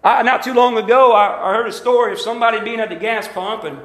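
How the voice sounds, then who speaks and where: A man's voice: very high-pitched, fast talker, fairly bright tone, roomy sound. A middle-aged man with an Alabama Southern accent, preaching a sermon to his congregation with call-and-response, emphatic rising lines and folksy asides. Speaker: pastor. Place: church sanctuary.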